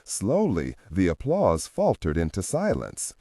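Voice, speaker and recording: A man narrating an audiobook thriller in an expressive read. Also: low-pitched, measured pace, breathy edge, no room sound, studio quality. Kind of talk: scripted narration.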